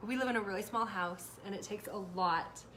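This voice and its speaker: Animated mom telling a story. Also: female voice, mid-range voice, fairly quick. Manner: animated storyteller, acts out yelling and quotes. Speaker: podcast co-host, mother of four. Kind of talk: casual chat. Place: small home with a crock pot running. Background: faint household noise.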